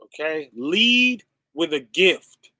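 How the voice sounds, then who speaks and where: A man preaching casually over a stream, conversational and relaxed, often checking in with "right?" and "okay?" and calling his listeners "y'all" and "fam". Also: a little high, slow pace, no room sound, clean studio sound.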